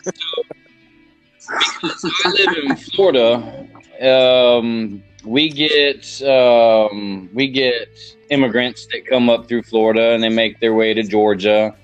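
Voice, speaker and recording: A man with a Southern American accent hosts a casual podcast chat, rambling along with plenty of ums and pauses. His voice sits at an ordinary middle pitch. A little music hums in the background. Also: highs cut off. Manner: rambling, halting, with many fillers. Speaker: podcast host.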